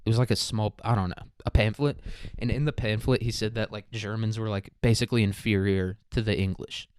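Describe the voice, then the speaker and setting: A man's voice: lowish voice, steady tone, brisk, clean tone, no echo, studio quality. A man hosting a casual history podcast alone, rambling with crude, self-mocking jokes. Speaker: podcast host.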